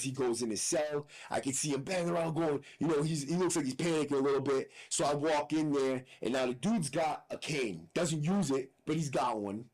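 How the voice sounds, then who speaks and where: A man's voice: mid-range voice, low-quality recording. A man hosting a podcast, telling a story in a blunt, profane, casual way with frequent asides. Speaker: podcast host.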